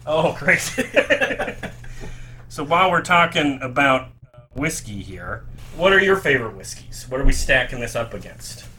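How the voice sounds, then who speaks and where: A man's voice: mid-range voice, expressive, measured pace, pushed and bright. A man hosting a podcast in casual, easygoing chat, laughing often. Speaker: podcast host.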